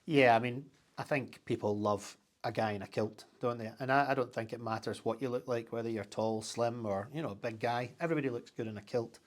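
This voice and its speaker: A Scottish man in a casual interview, telling animated stories with laughs and lots of historical detail. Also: medium pitch, fairly quick, few pauses. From Scotland. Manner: animated storyteller, laughs while talking, full of historical detail. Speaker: interviewee, content creator. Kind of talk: casual chat.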